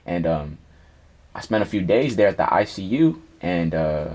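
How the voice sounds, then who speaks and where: In a casual interview, the guest, a young man who raps, shares a story from his own life. His voice sits low at a moderate pace, and the delivery is animated, slangy and full of curses.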